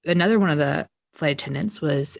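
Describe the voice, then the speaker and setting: Lady co-hosting a podcast, low-ish voice, tells stories all animated, acts out what people said. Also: fairly quick, creaky. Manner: animated storyteller, acts out quoted exchanges. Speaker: podcast co-host. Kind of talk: casual chat.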